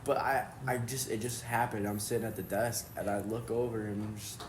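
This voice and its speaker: A man co-hosting a casual podcast, telling stories in an animated way with lots of swearing and "bro". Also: on the low side, brisk. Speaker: podcast co-host. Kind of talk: casual chat. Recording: echoey room, faint background noise.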